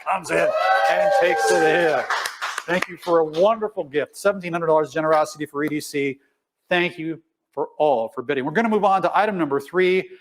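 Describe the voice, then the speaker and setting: Upbeat man calling charity auction bids. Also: on the high side. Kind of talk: livestreamed benefit auction patter.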